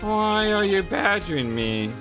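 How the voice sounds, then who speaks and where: A guarded, defensive woman on the witness stand in a courtroom game, read by a player. The lines come slowly, with game music playing behind. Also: medium pitch, big pitch swings, pitched above the performer's own voice.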